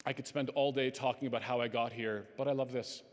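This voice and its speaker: A man giving an earnest, conversational talk as a conference speaker to a live audience, with lively emphasis. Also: medium pitch, fast. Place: conference hall. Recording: long reverb of a hall.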